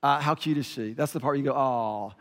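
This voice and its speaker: A man's voice: on the high side, fairly even intonation, fast talker, in a large hall. A middle-aged man, a pastor, giving a conversational sermon with self-deprecating stories and lots of fillers.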